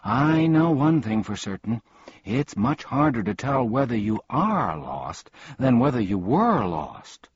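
A man's voice: medium pitch, big pitch swings, unhurried, husky, lo-fi sound, pitched above the performer's own voice. A man playing a pompous, scatterbrained ordinary man. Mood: cheery, rambling.

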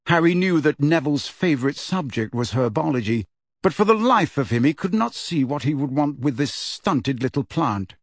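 A man narrating an audiobook in a measured, steady storytelling voice. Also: fairly high pitch, no room sound, clean studio sound.

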